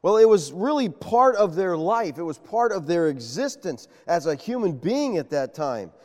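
A man preaching a sermon, animated and quizzing his congregation with questions. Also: high-pitched, moderate pace. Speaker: pastor. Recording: long reverb of a large hall.

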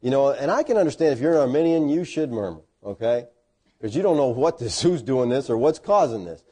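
Man, preacher, middle-aged, sermon, very lively pitch, folksy self-deprecating humor. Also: a little fast, breathy edge. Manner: animated storytelling with sudden loud, high bursts.

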